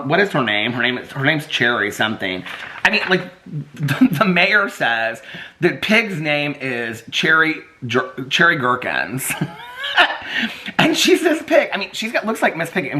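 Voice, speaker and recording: A middle-aged man vlogging casually, excitable and chatty, laughing often and using lots of fillers. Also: fairly high pitch. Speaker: vlogger reviewing a graphic novel. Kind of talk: casual chat.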